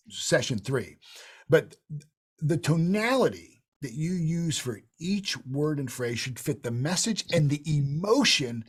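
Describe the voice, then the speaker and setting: A man's voice: on the high side, husky. A middle-aged man leading an online sales training session, talking emphatically and shifting his tone to show examples. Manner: animated, emphatic, demonstrates tonalities with quick voice shifts.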